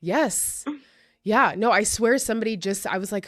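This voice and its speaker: A young woman hosting a podcast, chatty and enthusiastic in casual conversation and quick to agree with her guest. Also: medium pitch, a bit bright, dry recording. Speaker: podcast host.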